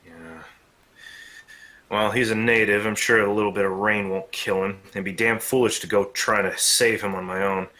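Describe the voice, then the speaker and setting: A man plays his character at a tabletop game, hesitant and chatty between polite in-character lines. His voice sits fairly low but sounds bright and forward. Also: flat delivery, normal speed. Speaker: player.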